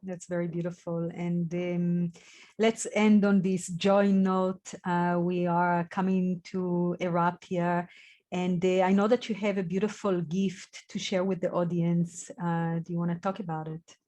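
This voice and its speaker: A woman hosting an interview, speaking in a musing, gently spiritual way. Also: fairly low pitch, flat delivery, measured pace. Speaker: interview host. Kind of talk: casual interview talk.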